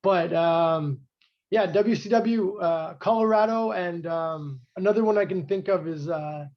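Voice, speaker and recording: A man talks through wrestling history in a loose, rambling way, full of "um" and "like." His voice sits high for a man. The recording sounds a little dull and lo-fi. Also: a little slow. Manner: rambling, filler-heavy, knowledgeable about wrestling history. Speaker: podcast co-host. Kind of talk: casual chat.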